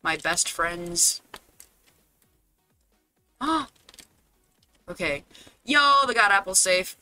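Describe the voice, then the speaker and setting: A man streaming a game live, talking casually to his chat, fretting aloud and now and then bursting into loud dramatic cries. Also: high-pitched, animated, very slow, faint music behind.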